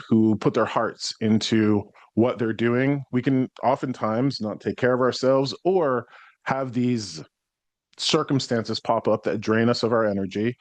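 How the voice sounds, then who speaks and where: An American man hosting a solo podcast as a psychic medium, talking in a reflective, explanatory way and clearing his throat now and then. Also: medium pitch, no echo. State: worn out after burnout.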